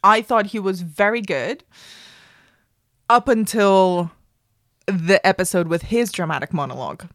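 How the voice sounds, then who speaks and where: A woman's voice: medium pitch, unhurried, long pauses, dry recording, studio quality. A woman hosting a podcast, chatting with enthusiasm and firm opinions. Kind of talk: casual chat.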